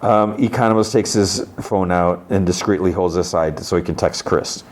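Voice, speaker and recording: A man's voice: sits low, fairly even intonation, moderate pace, a little hiss or hum. A man from Illinois, a podcast host, casually recapping an episode in a rambling way. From Illinois, USA. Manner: rambling, fillers like "like".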